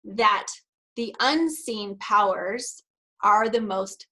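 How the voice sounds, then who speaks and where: A woman's voice: mid-range voice, takes it slowly, sharp tone, low-quality recording. A woman giving a virtual conference talk as a practitioner, telling a story conversationally with laughs and then reading prepared remarks. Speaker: NLP practitioner and speaker.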